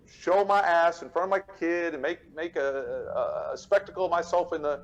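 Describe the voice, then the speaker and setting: A man's voice: a little fast, few pauses, low-quality recording. Laid-back rambling man. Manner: laid-back, rambling, with restarts and sudden high mocking asides. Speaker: podcast co-host, father. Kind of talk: casual storytelling chat.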